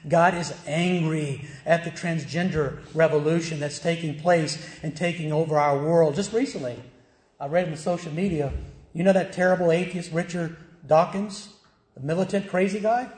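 A man's voice: on the high side, steady tone, normal speed, a little mellow. A middle-aged male pastor preaching a sermon, emphatic, firing rhetorical questions and answering them himself. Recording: echoey church room.

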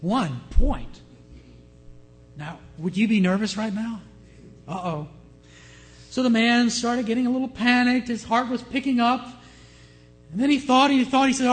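A pastor with an extremely high-pitched voice preaches a sermon at a slightly slow pace, pausing often as soft music plays behind him. He's an animated storyteller who weaves in stories and puts questions to his congregation.

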